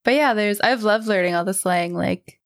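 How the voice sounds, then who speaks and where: A woman's voice: mid-range voice, moderate pace, dry recording, studio quality. A woman hosting a podcast, chatting casually and telling bubbly, giggly stories. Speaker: podcast host. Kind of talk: casual chat. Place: Australia.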